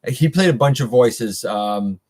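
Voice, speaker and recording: A man's voice: mid-range voice, expressive, unhurried, darkish tone. A middle-aged man hosting a casual live stream, chatting loosely with viewers and reading their comments, with many fillers and restarts.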